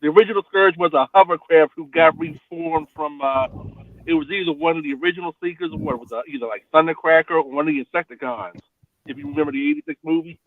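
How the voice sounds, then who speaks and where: Guy calmly explaining, slightly high voice, muffled lo-fi audio. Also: a little hiss or hum. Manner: measured, explaining with fan detail. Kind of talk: casual chat. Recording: muffled lo-fi sound.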